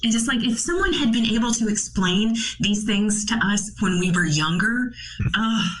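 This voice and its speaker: A woman's voice: mid-range voice, expressive, normal speed, a bit bright, slight background noise. A woman hosting a podcast in casual chat, eagerly agreeing with her guest. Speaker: podcast host. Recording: dull lo-fi podcast audio.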